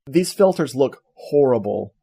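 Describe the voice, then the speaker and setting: A man co-hosting a podcast in casual talk, telling a movie plot in an animated, jokey way and acting out the quotes. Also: medium pitch, measured pace, gravelly, slightly rough. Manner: animated, jokey storyteller who acts out quotes. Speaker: podcast co-host. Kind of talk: casual movie review chat.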